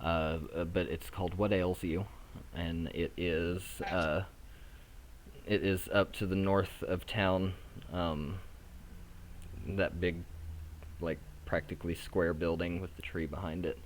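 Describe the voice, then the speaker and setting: A man narrating as game master in a tabletop game, halting and full of fillers. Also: low voice, little pitch movement, a little hiss or hum. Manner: halting, many fillers and restarts. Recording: echoey room.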